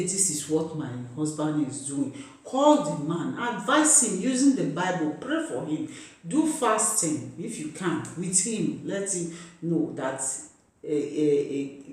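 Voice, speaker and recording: A man making an impassioned, pleading appeal to his viewers, repeating himself like a preacher. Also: fairly high pitch. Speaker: vlogger. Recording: very echoey room, far from the mic.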